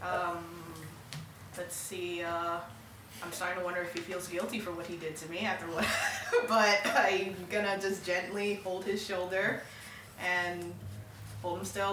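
A woman at a tabletop game describes her character's actions slowly and lightly. She sounds far from the mic in an echoey room, with steady noise behind her. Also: fairly low pitch. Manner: unhurried, light in-character talk with laughs. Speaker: player. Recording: distant and roomy, with clear background noise.

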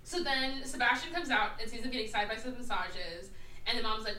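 Bright, animated, cursing woman podcaster. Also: on the high side, a little fast, echoey room, far from the mic, slight background noise, low-quality recording. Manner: animated, profane, acts out characters' lines. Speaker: podcast host. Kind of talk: casual chat reviewing a movie.

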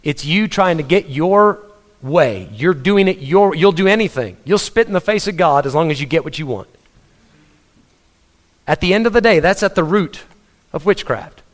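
A pastor preaching with fervent emphasis, his voice set a little higher than most men's. He asks rhetorical questions and stumbles over repeated words as he presses each point home. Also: expressive, normal speed. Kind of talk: sermon.

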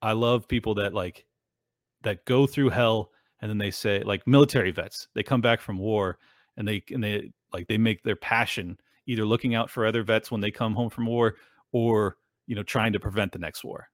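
A man's voice: lowish voice, fairly even intonation, normal speed, no room sound, studio quality. A man hosting his own show, talking earnestly and emotionally to his viewers in a rambling way, with many fillers. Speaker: show host. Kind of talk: casual monologue to viewers.

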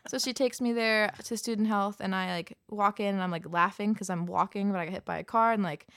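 A young woman tells a story among friends, piling up fillers and restarts as she rambles. Her voice sits at a middling pitch. It is close and dry, with no room sound. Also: fairly even intonation, brisk, fairly bright tone, clean tone, dry recording. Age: young adult. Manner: rambling, many fillers, acts out quoted voices. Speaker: student telling a story.

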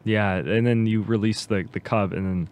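Animated man riffing on a podcast. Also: lowish voice, normal speed. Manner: animated, spins absurd profane scenarios. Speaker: podcast co-host. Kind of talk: casual podcast chat.

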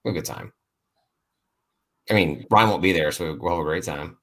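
A man's voice: sits low, a little fast, fairly bright tone. A man hosting a casual sports podcast, joking loosely, laughing often and repeating his words. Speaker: podcast host.

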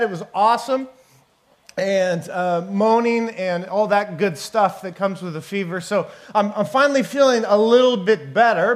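A man from Northern California, a guest preacher giving a conversational, joking sermon in a church. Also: sits high. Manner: conversational, joking, animated storytelling.

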